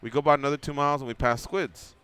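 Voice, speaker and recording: A radio show host with a fairly high, clear and resonant voice talks at rapid-fire speed from the studio. Chatting casually, he spins a long anecdote and animatedly performs each quote.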